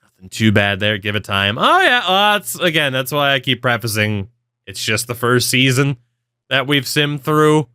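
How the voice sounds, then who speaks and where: Bright, casual young man gaming commentator. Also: medium pitch, big pitch swings, moderate pace, clean tone, no echo, clean studio sound. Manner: offhand, rambling, swears casually. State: yawning, with hiccups. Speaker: gaming video creator. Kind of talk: casual commentary over gameplay.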